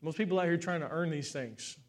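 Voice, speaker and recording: A man preaching a sermon to his church, swinging between fervent declarations and soft, emotional asides. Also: on the high side, brisk. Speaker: pastor. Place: church stage with congregation.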